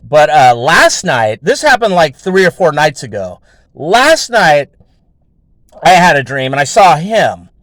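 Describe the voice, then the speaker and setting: A man's voice: fairly high pitch, very animated, a little slow, fairly bright tone, no room sound. A man hosting his own show, telling a story in a rambling, casual way with heavy swearing and lots of fillers. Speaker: show host.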